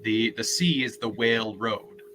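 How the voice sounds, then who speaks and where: A man in casual chat, explaining a point thoughtfully with many pauses and ums. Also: lowish voice, noisy background.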